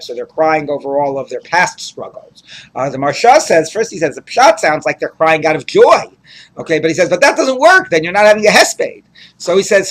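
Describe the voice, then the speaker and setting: A man's voice: a little high, fairly bright tone. A man teaching a Talmud class in a conversational way, reading Aramaic and translating it phrase by phrase with frequent restarts. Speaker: rabbi teaching daily Talmud page. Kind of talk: Talmud study lecture.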